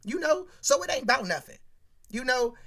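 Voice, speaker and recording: A woman hosting a casual commentary rant, animated and slangy, talking straight to her viewers. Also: high voice, moderate pace, slightly rough. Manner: animated, slangy, keeps addressing the audience. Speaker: show host.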